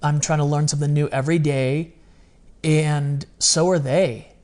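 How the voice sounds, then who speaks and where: A man with a voice pitched a little above the usual male range speaks as a podcast guest. He talks candidly and earnestly, in a confessional, storytelling way. He often drops into quoting his own words, as if replaying a conversation. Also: fairly even intonation, normal speed, a little mellow. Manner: quotes his own past words in dialogue.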